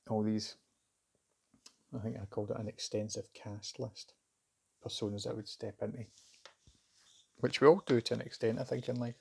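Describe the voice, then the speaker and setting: A middle-aged man telling a personal story in a candid, halting, reflective way. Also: fairly low pitch, little pitch movement, vocal fry, slightly rough. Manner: candid, halting, self-searching. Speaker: vlogger recounting a job interview.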